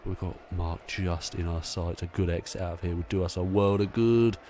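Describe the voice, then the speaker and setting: A man narrates his racing game run with a slightly low voice, chatty and excitable as he calls each move. He swears casually and reacts out loud as he plays. Faint noise sits behind him. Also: normal speed. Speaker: gaming channel host.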